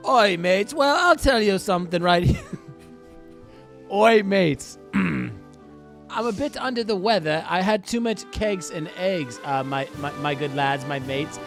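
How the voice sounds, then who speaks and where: A man's voice: sits high, expressive, slow pace, vocal fry, faint music behind, heavily acted. A man voicing a crude, rowdy, hungover English lad in a put-on British accent, ranting coarsely and swearing. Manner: coarse, rambling, swearing rant.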